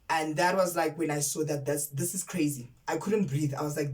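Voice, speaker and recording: Woman, low voice, from South Africa, casual series review, emphatic, repeats words, a bit far from the mic. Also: normal speed, few pauses, darkish tone. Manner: outraged and candid. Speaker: TV series reviewer, content creator. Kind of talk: casual spoken review to camera.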